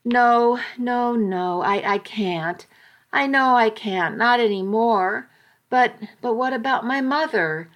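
A woman voicing a frightened teenage girl who sobs and stammers her words. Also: fairly high pitch. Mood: tearful. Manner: sobbing, halting, stammering pleas.

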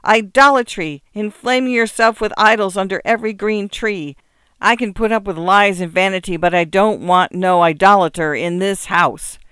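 A woman voicing a harsh, fiercely pious rural wife in a story reading, scolding and loud. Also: lowish voice, fairly quick, hardly any pauses, smooth, no echo, studio quality, natural voice. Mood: outraged. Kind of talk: dramatic reading of a short story.

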